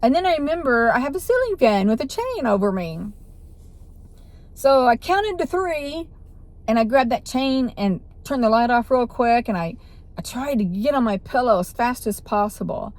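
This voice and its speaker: A woman's voice: on the high side, animated, moderate pace, a little mellow. A woman vlogger telling a personal story in a rambling way, with restarts and self-corrections.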